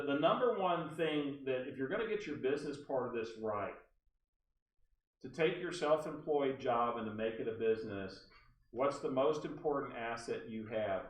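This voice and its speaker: A man speaks at a mid-range pitch, telling stories to a room of agents. He is animated and keeps turning to the room with asides. He sounds distant from the mic in a roomy, echoing space. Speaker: real estate trainer. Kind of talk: storytelling training talk to agents. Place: meeting room at a real estate office.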